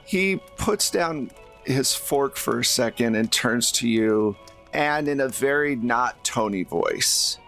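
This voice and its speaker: A man as game master, narrating scenes in a measured, descriptive way. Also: medium pitch, animated, fairly bright tone, soft background music.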